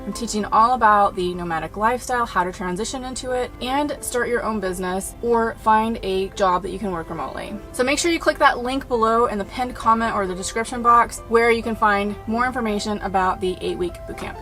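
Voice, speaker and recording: A woman with a light Texas Southern lilt chats upbeat straight to her viewers, her voice sitting a little higher than most. She talks in a casual vlog style, friendly and direct. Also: fairly quick, few pauses, bright, forceful tone, faint music behind. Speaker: travel vlogger. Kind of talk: casual vlog talk to camera.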